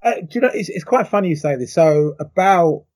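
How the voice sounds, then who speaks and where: Interview guest: middle-aged man, mellow and slightly husky, reflective storyteller, lots of ums. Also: a little high, animated, a little fast. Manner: reflective, emotional retelling with many fillers. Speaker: interview guest, former athlete.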